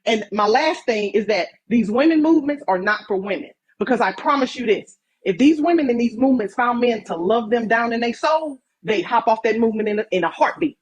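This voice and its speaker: A woman's voice: on the high side, animated, a little fast, few pauses, poor audio. A woman making her points in an online debate, emphatic and lecturing, with a lot of repetition. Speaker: TikTok debater. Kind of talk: live social media debate.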